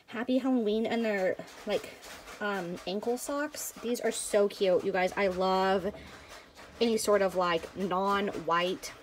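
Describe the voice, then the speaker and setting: A woman vlogger chatting excitedly to viewers as she unboxes a package of craft supplies. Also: mid-range voice, takes it slowly, a little hiss or hum. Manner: gushing, excitable, addresses viewers as you guys. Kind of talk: casual unboxing chat.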